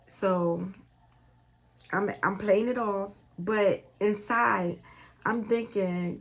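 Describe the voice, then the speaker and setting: A woman's voice: medium pitch, very slow, vocal fry. A middle-aged woman vlogger telling a personal story in a casual way. She repeats phrases and acts out the dialogue.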